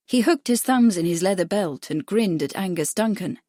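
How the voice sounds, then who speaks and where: A woman narrating an audiobook mystery in a measured, even reading, close to the mic. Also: fairly low pitch, dry recording. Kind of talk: scripted narration.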